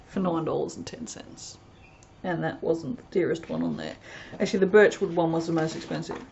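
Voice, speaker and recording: Woman, chatty unboxing host, lowish voice, dull home recording. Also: a little fast, creaky, a little mellow, a little hiss or hum. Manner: chatty, rambling, reads product blurbs aloud. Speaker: soap maker reviewing fragrances. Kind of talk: casual unboxing chat.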